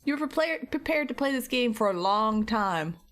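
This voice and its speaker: A woman's voice: on the high side, expressive, moderate pace. A woman art streamer chatting casually and teasingly with her viewers while painting, laughing often and fighting a slight cough.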